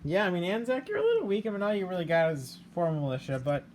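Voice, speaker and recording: A man's voice: high-pitched, sing-song, fast talker. Chatty hesitant male game host. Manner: hesitant, many fillers, laughs often. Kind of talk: hosting a strategy game round-up. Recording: light background noise.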